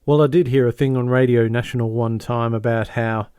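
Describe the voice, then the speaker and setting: A man, co-hosting a podcast and casually retelling a sitcom episode with lively impressions of the characters. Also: mid-range voice, brisk, clear, resonant tone, no room sound, studio quality. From Australia. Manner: animated storyteller, mimics the characters' lines. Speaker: podcast co-host.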